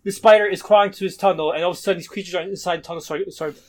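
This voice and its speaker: A man in casual chat, quickly and animatedly retelling a comic's scenes. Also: high voice, fairly even intonation. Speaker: podcast co-host discussing a comic.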